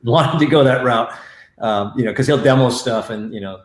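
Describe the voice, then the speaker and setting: A man who works as a stunt coordinator, recounting his career in a reflective, halting way with many fillers over a video call. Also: medium pitch, echoey room. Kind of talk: storytelling in a remote stream interview.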